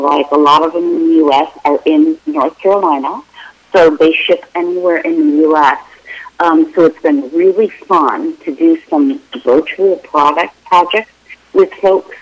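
A woman's voice: low-pitched, a little mellow, low-quality recording. A middle-aged woman interior designer, a guest in a remote interview, explaining her work in a friendly, informal way with many fillers.

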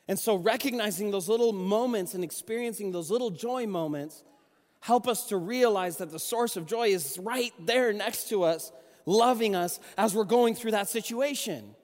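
A young adult man giving a sermon, telling conversational personal stories with lively restarts. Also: high-pitched, normal speed, in a large hall. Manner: conversational, animated storytelling with restarts. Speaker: youth pastor and junior high basketball coach.

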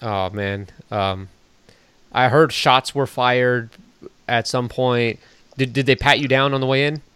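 A man's voice: mid-range voice, fairly even intonation, unhurried, fairly bright tone, smooth, no echo. A man hosting a podcast, casual chat with a joking, teasing manner. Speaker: podcast host.

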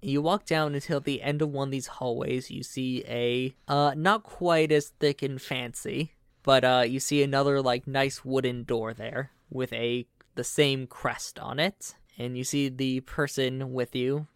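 A man narrating a tabletop role-playing game as game master, relaxed and full of fillers. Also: mid-range voice, unhurried, smooth, dry recording, studio quality.

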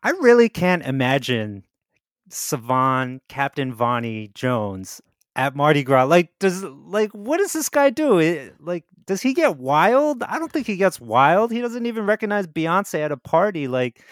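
A playful man in his thirties trades teasing jokes as a podcast co-host. His slightly high voice swings widely in pitch. It is captured dry and close with no room echo. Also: very animated, a little slow. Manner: playful, teasing, fond of bits. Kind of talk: casual chat.

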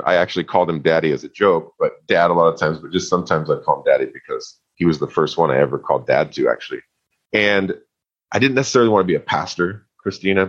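A man's voice: deep voice, slightly rough. A man telling his personal story in an earnest, heartfelt way, with playful asides. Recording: muffled lo-fi sound.

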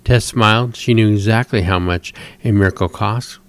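A man hosting a show, reading a story aloud in a steady, measured way. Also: lowish voice. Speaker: host.

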